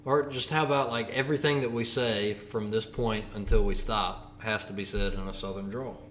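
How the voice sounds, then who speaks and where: A man's voice: lowish voice, fairly even intonation, moderate pace, a bit bright, a little hiss or hum. A man co-hosting a live stream, joking around and reading out ideas from the chat. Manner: playful, joking banter with the chat.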